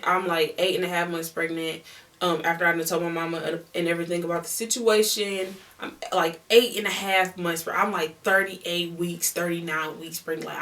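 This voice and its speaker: A young woman telling a story on her vlog in a casual, animated, slangy way, repeating words for emphasis. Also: lowish voice, distant mic. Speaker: beauty vlogger.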